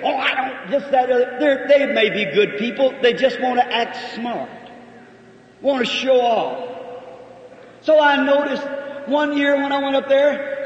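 High-voiced preacher in a distant echoing hall. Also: male voice. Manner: earnest folksy storytelling, emotional emphasis. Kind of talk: storytelling sermon. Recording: echoey old hall recording from far off, dull.

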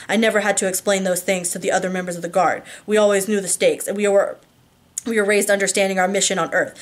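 A woman reading a first-person novel aloud, steady with small slips and restarts. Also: mid-range voice. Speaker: audiobook reader.

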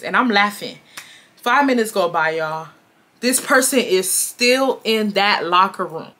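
A woman in her twenties from Houston, telling a storytime to her viewers in a chatty, animated way and calling them y'all. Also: mid-range voice, measured pace. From Houston, Texas. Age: 20s. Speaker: storytime vlogger.

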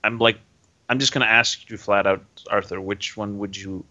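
Brief: male tabletop player, bright tense voice, hesitant, muffled lo-fi recording. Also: lowish voice, fairly even intonation, normal speed. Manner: thinks aloud, restarts and hesitates. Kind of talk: tabletop game chat.

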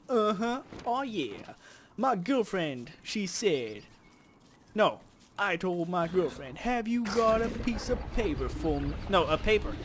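A man commenting on his game as he plays, chatting casually, cursing at creatures and bursting into loud shouts. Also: high voice, a little hiss or hum. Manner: animated, swears at game creatures, sudden loud outbursts. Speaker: let's play host.

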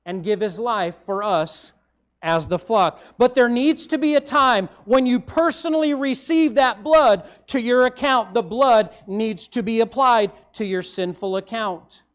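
A man with a Midwestern American accent, preaching a sermon as pastor, rising emphatically for stress and dropping low at the ends of phrases. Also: a little slow.

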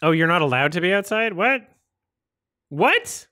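A man's voice: high voice, big pitch swings, unhurried, sharp tone, dry recording, studio quality. A man casually commenting on a movie as he watches it, rambling, swearing and incredulous. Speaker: host reacting to a film.

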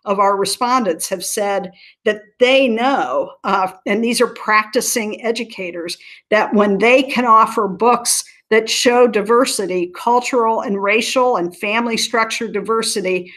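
A woman's voice: medium pitch, a little slow, a bit bright. A woman from Southern Ohio, a nonprofit leader being interviewed, speaking earnestly and telling stories with frequent restarts. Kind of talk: conversational interview.

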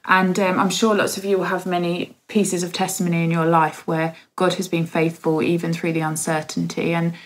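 A woman in her thirties giving a heartfelt spoken testimony in a church service, halting with many pauses and fillers. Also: fairly low pitch, little pitch movement, poor audio.

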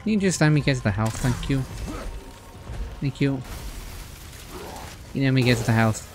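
A Welsh man in the middle of a let's-play, chattering excitedly and panicking as he talks straight to the characters. His voice sits in a medium register. Loud game music runs underneath him. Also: mid-range voice, normal speed. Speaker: let's player. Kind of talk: gameplay commentary.

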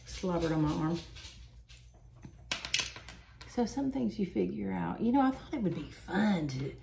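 Woman, 40s, gravelly, lowish voice, chatty makeup vlog storytelling. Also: music in the background. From Southern United States. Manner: chatty, animated, quick to laugh. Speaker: beauty vlogger. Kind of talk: casual storytelling while doing makeup.

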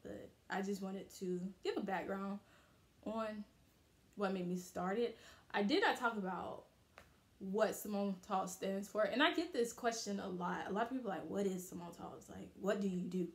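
A young woman talks straight to camera in a casual motivational vlog, candid and emphatic, leaning on repeated phrases to drive her point home. Her voice sits at an ordinary middle pitch. The sound bounces around a small, hard-walled room. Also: moderate pace, roomy sound. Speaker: vlogger. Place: her bathroom.

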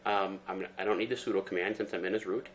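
A man giving a relaxed, step-by-step screen-recorded tech tutorial, talking through each command with fillers. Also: low voice, fast talker, slight background noise. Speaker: tutorial presenter.

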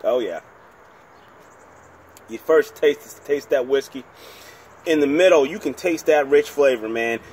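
A man's voice: medium pitch, measured pace, pauses often, darkish tone, a little hiss or hum. A man from New Jersey, hosting his own whisky review channel, talking in a chatty, rambling, self-deprecating way. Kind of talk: casual home video review.

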